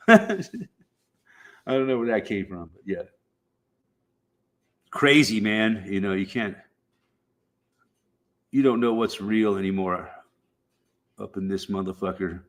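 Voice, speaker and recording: A man's voice: on the low side, a little slow, long pauses. A man streaming, chatting casually in a rambling, profane way with frequent fillers. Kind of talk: casual chat.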